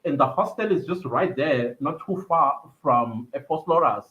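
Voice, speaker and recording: With an expressive, slightly high voice at a normal pace, a young South African man runs a livestream, reading viewer comments out loud and laughing a lot in casual chat. The sound comes through a computer mic and is a bit dull and lo-fi.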